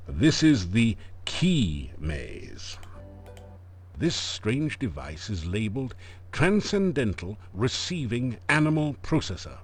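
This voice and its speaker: A man's voice: mid-range voice, full character voice. A man voicing the dry, punning narrator of an adventure game, delivering scripted narration with mock gravity.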